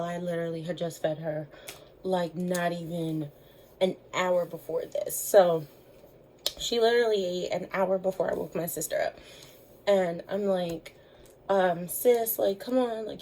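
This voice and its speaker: A woman's voice: medium pitch, darkish tone, slight background noise, rough recording. A young woman telling a story in a chatty vlog, with lots of fillers, voicing the people she quotes. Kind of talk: casual storytime chat.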